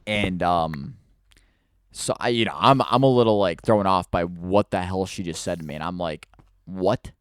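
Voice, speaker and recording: A man tells a creepy personal story as a casual storytime, half-distracted by the video game he is playing. His voice sits a little low and sounds smooth and clear. He rambles and stumbles, full of restarts and filler words. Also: normal speed, no echo.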